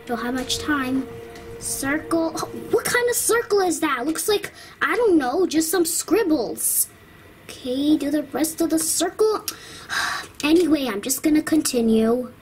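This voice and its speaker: An anxious little girl toddler , voiced by a woman frets aloud in a high, slow voice. She talks to herself as she works, grumbling and worried, in a doll-play cartoon. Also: a little hiss or hum. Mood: fretful.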